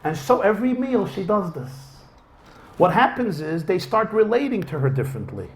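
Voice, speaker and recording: A male rabbi giving a storytelling lecture to a class, and his voice rises and falls a great deal as he acts out the dialogue. His voice sits somewhat high for a man. Faint background noise runs under the talk. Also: moderate pace. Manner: animated, acts out quoted dialogue. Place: lecture hall with a live audience.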